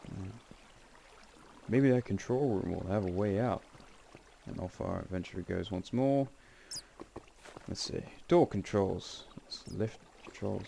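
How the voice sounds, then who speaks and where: A man's voice: deep voice, measured pace, gravelly, dark tone, slight background noise. A man giving casual, rambling gameplay commentary with wry asides and frequent self-corrections. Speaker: game channel host.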